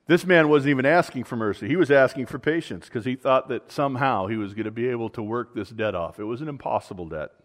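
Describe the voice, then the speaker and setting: Male preacher, mid pitch, earnest sermon delivery with loud peaks and hushed asides. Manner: earnest preaching, swings between loud emphasis and quiet asides. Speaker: pastor.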